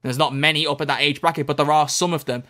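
A man co-hosting a podcast in casual chat, rambling and animated. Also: a little high. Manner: rambling, animated, quick talker. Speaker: podcast co-host.

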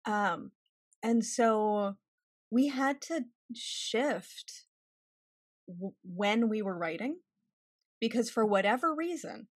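A woman's voice: fairly high pitch, animated, slow pace, long pauses, dry recording, clean studio sound. A woman in her forties, a therapist guest in a casual interview, talking candidly and wryly and laughing often. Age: 40s.

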